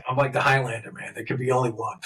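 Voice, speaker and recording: A man's voice: mid-range voice, a little fast, rough recording. A man with a New York accent, a tattoo artist guest swearing freely and laughing as he tells stories. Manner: profane, laughing, animated storyteller. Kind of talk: casual storytelling.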